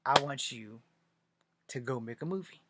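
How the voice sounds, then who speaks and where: A man's voice: mid-range voice, moderate pace, very noisy. A man from Virginia telling a long personal story in a casual monologue, swearing often and acting out other people's lines. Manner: profane, animated, acts out quoted dialogue. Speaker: aspiring filmmaker telling his story.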